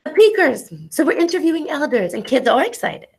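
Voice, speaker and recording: A middle-aged woman, an ethnobotanist, telling lively stories to students in an animated educational talk over a video call. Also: sits high, a little fast, creaky. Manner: animated storyteller, exclamations and acted-out quotes; casual, says y'all.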